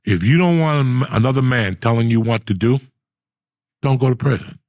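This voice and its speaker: A man's voice: mid-range voice, expressive, brisk, a little mellow, dry recording, clean studio sound. A middle-aged man hosting a casual chat, telling blunt, profane stories in a rambling way. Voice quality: gravelly, husky. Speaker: podcast host.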